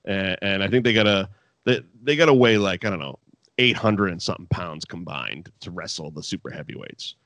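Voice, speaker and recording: A man with a low voice talks a little fast, with no echo on the recording. As a podcast co-host in casual conversation, he tells an animated wrestling story full of swearing and laughter.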